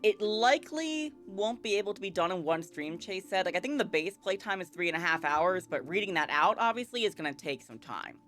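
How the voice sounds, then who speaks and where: A woman streaming a visual novel, talking casually with a pitch that leaps all over the place. She is chatty, quick to laugh, and scolds her cat. Faint game music plays behind her. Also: expressive, a bit bright. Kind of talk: casual livestream chat while reading a visual novel.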